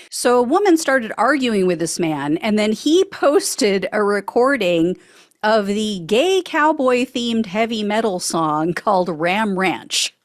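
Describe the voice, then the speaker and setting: A woman delivering political news commentary in a mocking, sarcastic way, breaking into frequent laughs. Her mid-pitched voice is recorded very dry and close, with no room sound around it. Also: no echo. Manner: mocking, laughs often between lines. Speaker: host of political news show.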